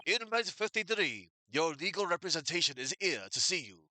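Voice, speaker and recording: A man's voice: on the high side, very animated, fairly quick, sharp tone, no echo, heavily acted. A man doing a brusque prison bailiff. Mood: stern. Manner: brusque, ordering. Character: stern male prison bailiff. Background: game music.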